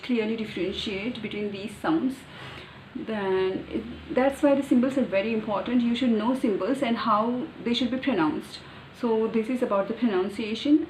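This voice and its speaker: A vlogger with an Indian accent, a native Marathi speaker, earnestly explains pronunciation step by step in a casual monologue. Her mid-range voice has a darkish tone. The echoey room carries faint ambience and a little hiss or hum.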